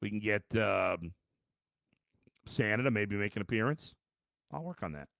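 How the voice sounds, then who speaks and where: A gravelly-voiced man hosting a post-game sports podcast, ranting and exasperated, often restarting his sentences. His voice sits in an ordinary middle range, and the sound is dry and close. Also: fairly low pitch, expressive, normal speed, a bit bright, dry recording. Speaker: podcast host. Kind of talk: post-game sports talk, reading chat.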